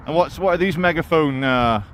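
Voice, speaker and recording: A man's voice: on the high side, brisk, fairly bright tone, a little hiss or hum. A man walking through town streets and filming himself, giving wry, sarcastic running commentary as a YouTuber. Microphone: handheld camera mic while walking.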